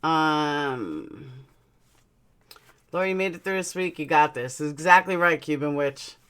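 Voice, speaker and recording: A woman's voice: sits low, lively intonation, measured pace, a bit bright, clear, resonant tone. A woman hosting a casual live stream, chatting bluntly and reading out her chat, speaking with a slight lisp. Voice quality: slight lisp from dental aligners. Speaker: livestream host reading chat.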